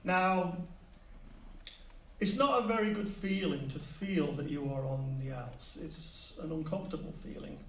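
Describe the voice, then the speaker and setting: A middle-aged man with a Mancunian accent tells a funny story from his own life to a crowd, playful and lively, tossing in mock sound effects. His voice sits a little high for a man and comes from a step away from the mic. The room is echoey, with faint ambience behind him. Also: normal speed, few pauses, recorded from a distance, slight background noise. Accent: Mancunian English. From Manchester, England. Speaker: public speaker. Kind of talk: humorous personal storytelling to an audience.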